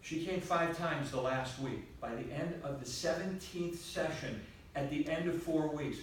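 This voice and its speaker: A man giving a storytelling presentation to a live audience, animated and acting out the voices of the people he quotes. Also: on the high side, a little slow. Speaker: presenter at an evening session. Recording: very echoey room, far from mic, faint hiss.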